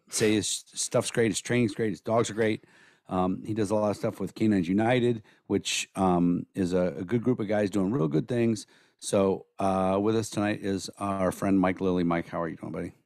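A hoarse-voiced man co-hosting a podcast in loose, rambling chat, cursing freely and telling stories bluntly. His voice sits a little low and is recorded dry and close, with no room sound at all. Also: normal speed, darkish tone, no room sound. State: hoarse from days of talking. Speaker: podcast co-host.

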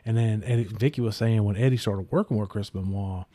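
A man's voice: on the low side, steady tone, fairly quick, mellow, no room sound. A young man hosting a podcast, telling a long story in a rambling, profane way full of fillers like "um" and "you know.". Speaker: podcast host. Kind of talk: casual storytelling chat.

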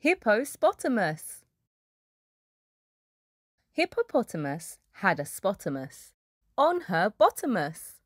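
A woman reads a rhyming picture book aloud at an unhurried pace. Her voice swoops up and down with storybook expression. The recording is dry and close. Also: medium pitch, breathy edge, no echo. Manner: lively, puts on little voices for the animals.

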